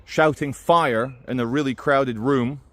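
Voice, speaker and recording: A man talking straight to camera in a loose, rambling way, stopping and restarting as he goes. His voice sits at an ordinary, middle pitch, and he drops in dry little asides between his points. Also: a little slow. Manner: rambling, stops and restarts, many "uh" fillers. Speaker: vlogger. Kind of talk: casual commentary to camera.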